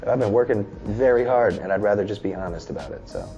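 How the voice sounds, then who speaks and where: A man's voice: lowish voice, fast talker, warm tone, soft background music. A man in his thirties talking in a casual interview, loose, candid and often swearing. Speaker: musician and film director, guest.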